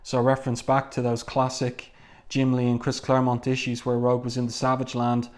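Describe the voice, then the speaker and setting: A man's voice: medium pitch, monotone, fairly quick. A man giving a casual, chatty comic book review, stopping now and then to read dialogue aloud.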